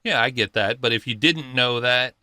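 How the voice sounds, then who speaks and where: A man hosting a reaction video, musing in an easygoing way with frequent pauses. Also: mid-range voice, pushed and bright, clean tone, no echo. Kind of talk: casual reaction commentary.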